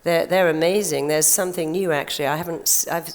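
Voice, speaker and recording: A woman's voice: low voice, fairly even intonation, fast. An older woman giving a chatty stage talk to a live audience, telling stories and acting out quotes. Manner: chatty, storytelling, acts out quotes. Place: large conference hall. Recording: long hall reverb.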